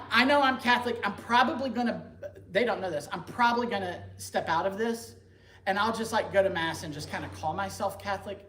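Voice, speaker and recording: A man telling his conversion story to a parish group in a lively, joking, conversational way. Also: high voice. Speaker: speaker giving a conversion testimony. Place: church meeting room. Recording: echoey room, faint background noise.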